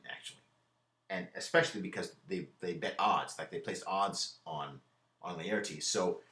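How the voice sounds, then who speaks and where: A man's voice: low voice, moderate pace, a bit bright, reverberant. A man giving a casual literature lecture, retelling a play in everyday slang with many repeated words. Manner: casual, conversational, repeats words, paraphrases lines in modern slang. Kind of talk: classroom lecture. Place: lecture room.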